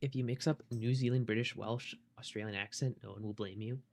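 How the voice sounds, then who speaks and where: A man's voice: lowish voice, fairly even intonation, a little fast, vocal fry, a little mellow. Casual swearing young male streamer. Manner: loose, swearing, chatting with viewers. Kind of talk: casual live-stream chat while gaming.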